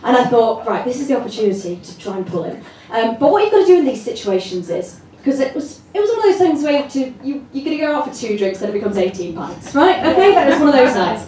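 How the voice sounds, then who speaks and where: A British woman performing a stand-up comedy set, telling stories in an animated way and bursting into shouted voices. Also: high-pitched, quick pace, few pauses, a little hiss or hum. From Britain. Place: comedy club with a loud audience. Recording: echoey club from far off, loud crowd.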